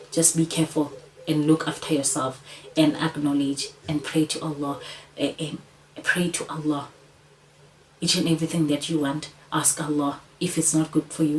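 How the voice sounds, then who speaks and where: A woman's voice: sits low, darkish tone, slight background noise, low-quality recording. A woman giving an earnest, repetitive motivational talk to camera, coaxing the listener again and again. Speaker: channel host.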